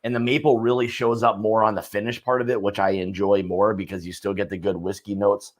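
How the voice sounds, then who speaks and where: A man's voice: fairly low pitch, flat delivery, fairly quick. A man hosting a livestream whiskey tasting, chatting casually and trailing off at the ends of his thoughts.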